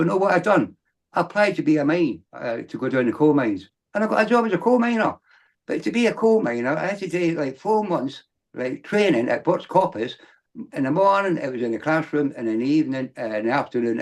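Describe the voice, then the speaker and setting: A man's voice: medium pitch, gravelly, a little mellow. A middle-aged man, telling his life story as a podcast guest in a rambling, candid way that builds up to emphatic bursts. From Britain.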